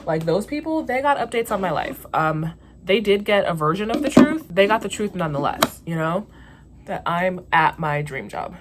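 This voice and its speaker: A young woman with a low, dusky voice chats straight to camera in a casual storytime. She vents candidly and swears freely as she talks. A faint hiss sits under her voice. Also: expressive, normal speed. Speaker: vlogger.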